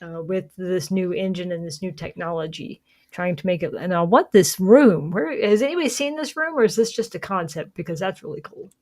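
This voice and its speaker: A woman's voice: fairly low pitch, brisk, a little mellow. Chatty woman hosting a gaming stream. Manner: rambling, self-correcting, laughs often. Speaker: streamer host. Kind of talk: casual gaming chat.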